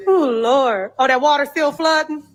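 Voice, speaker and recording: Woman w/ a high voice cussing and going ooh lord while she films a cleanout on her phone. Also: normal speed. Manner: blunt, profane, exclaiming. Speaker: cleanup crew member filming a house. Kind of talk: casual vlog commentary while working. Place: indoors in a dirty house being cleared.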